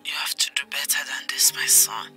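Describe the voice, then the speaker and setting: A woman's voice: pushed and bright, whispered, soft background music. An actress playing a mother who pushes her son about wedding plans, in a Nigerian accent. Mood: pushy. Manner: brisk, pushy. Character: pushy mother planning her son's wedding.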